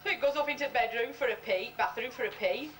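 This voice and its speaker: A woman's voice: a little high, quick pace. A woman telling crude pub jokes, acting out the characters' voices as she goes. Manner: lively storytelling, mimics characters' voices. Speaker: joke teller. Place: social club gathering. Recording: distant room recording with background noise.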